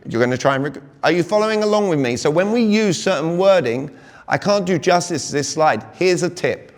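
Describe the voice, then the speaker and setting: A British man coaching a live audience, talking energetically and quizzing the room with rhetorical questions. His voice sits a little high for a man. A long hall reverb trails behind his words. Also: lively intonation, fairly quick. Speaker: communication coach speaking to a sales audience. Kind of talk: live seminar talk.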